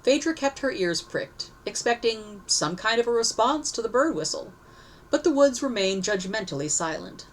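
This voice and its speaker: A woman's voice: on the high side, expressive, normal speed, slight background noise, poor audio. A woman narrating a story aloud, reading expressively and correcting herself now and then. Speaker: story reader.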